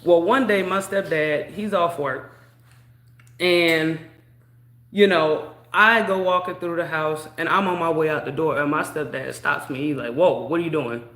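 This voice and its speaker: Woman, young adult, casual storytelling, chatty and drawn-out, echoey room. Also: deep voice, a bit bright. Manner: chatty, drawn-out, full of "you know". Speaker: vlogger.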